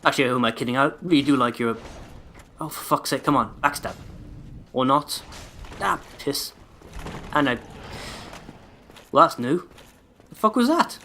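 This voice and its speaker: Sweary, sarcastic gamer. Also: male voice, mid-range voice, moderate pace, pauses often, bright, forceful tone, slight background noise. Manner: sarcastic, sweary running banter. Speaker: let's play host. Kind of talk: gameplay commentary.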